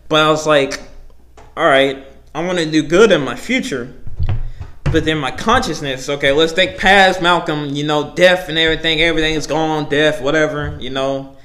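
A young man hosting a podcast in a casual solo rant, rambling and profane, with many fillers, swinging between heated outbursts and low mumbles. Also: steady tone, moderate pace, sharp tone. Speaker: podcast host.

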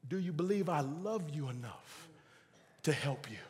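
A preacher voicing a calm, patient divine voice from above that questions a man, in a long-echoing hall. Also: a little high, measured pace.

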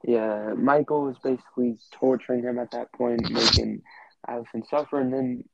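Gravelly laid-back man on dull audio. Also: medium pitch, steady tone, moderate pace, slight background noise. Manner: laid-back, agreeing in short interjections. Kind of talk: casual chat. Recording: dull lo-fi recording.

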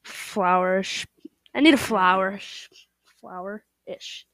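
A woman's voice: medium pitch, animated, moderate pace, no room sound. A young woman from the Midwest co-hosting a podcast, teasing and blunt in casual banter. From American Midwest. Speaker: podcast co-host. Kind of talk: casual chat.

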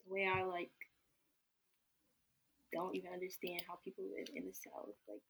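A woman's voice: lowish voice, flat delivery, moderate pace, creaky, a bit bright, slight background noise. A woman chatting casually, talking in a loose way full of fillers. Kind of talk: casual chat.

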